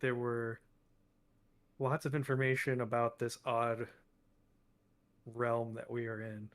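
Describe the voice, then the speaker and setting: Flat-voiced, halting man player. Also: mid-range voice. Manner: halting, unsure, deadpan. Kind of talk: casual tabletop role-play.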